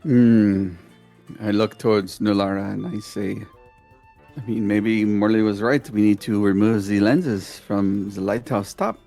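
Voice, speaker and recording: A man takes part in a tabletop game and speaks as his character with a lot of hesitant "uh"s. His voice is on the low side. Faint music plays behind him. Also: fairly even intonation, a little slow, vocal fry, a little mellow. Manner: hesitant, many "uh"s. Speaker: player.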